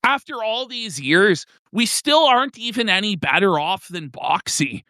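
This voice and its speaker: A young man co-hosting a crude comedy stream, mocking and loud, slipping into joke voices. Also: high-pitched, big pitch swings, a little slow, no room sound, studio quality. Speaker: podcast co-host.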